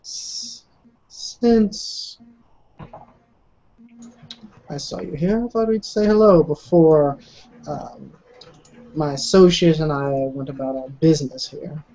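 A smooth, courteous vampire host, as a game master puts him on. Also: mid-range voice, mellow. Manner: polite, measured and congenial. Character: calm, charismatic male vampire recluse. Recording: dull lo-fi recording.

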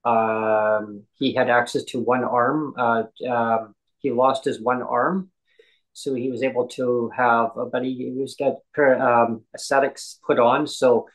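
A man chatting casually on a podcast, telling stories in a halting, rambling way with many ums and restarts. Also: medium pitch, level tone, rough recording. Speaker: podcast host and guest. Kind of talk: casual chat.

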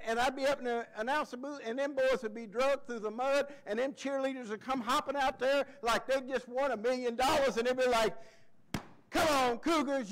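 A male pastor preaching a folksy, excitable sermon, often breaking into shouted cheers. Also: very high-pitched, rough recording.

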